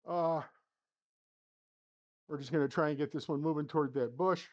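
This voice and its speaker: This man's voice is on the high side yet darkish, steady in tone and moderate in pace, captured with lo-fi sound. He hosts a sim golf channel, calling his own round shot by shot from a home simulator studio, muttering and shifting between flustered and upbeat in casual commentary.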